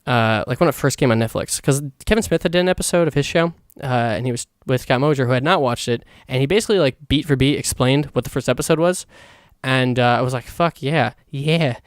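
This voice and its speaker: Fast-talking excitable young man. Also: mid-range voice, clear, resonant tone, no echo, clean studio sound. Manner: excitable, rambling, heavy swearing. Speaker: podcast host. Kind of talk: casual solo podcast monologue.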